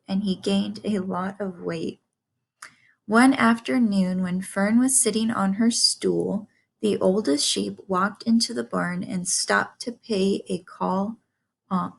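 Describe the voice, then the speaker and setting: A woman reading a children's book aloud chapter by chapter, in an unhurried, gentle narration. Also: medium pitch, gravelly. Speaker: reader. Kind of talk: storybook read-aloud.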